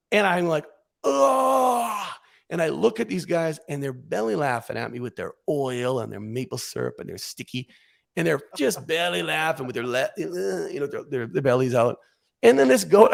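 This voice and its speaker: A man as a podcast guest, telling a comic story in a casual, animated way, acting out what he and others said. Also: on the high side, gravelly.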